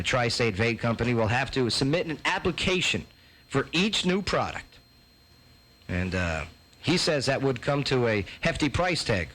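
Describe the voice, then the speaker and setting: Guy hosting a talk show, jokey and loud, lots of uhs. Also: medium pitch, poor audio. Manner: joking, loud reactions, many fillers. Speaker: host. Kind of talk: casual chat, reacting to clips.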